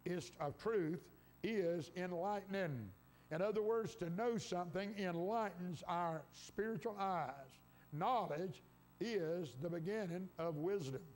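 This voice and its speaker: In a church sanctuary, a male pastor delivers a sermon, citing scripture and rising into passionate exclamations while sounding congested from being sick. His voice is high-pitched with a darkish tone.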